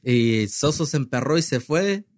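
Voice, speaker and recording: A man's voice: medium pitch, lively intonation, normal speed, no echo, clean studio sound. A man in casual chat, retelling a gig story and switching between English and Spanish, with plenty of swearing. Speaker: band member.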